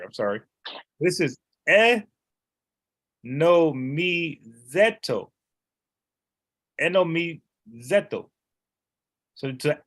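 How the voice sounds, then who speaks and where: In an easygoing, conversational lesson, a male Bible teacher with a medium, somewhat bright voice repeats words and walks through the letters one by one.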